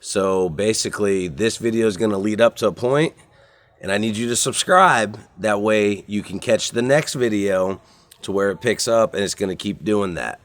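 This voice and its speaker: Man, low deep voice, casual outdoor vlog, folksy, campground, camera mic. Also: moderate pace, dry recording. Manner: relaxed and folksy, addresses viewers as y'all. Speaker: outdoor vlogger.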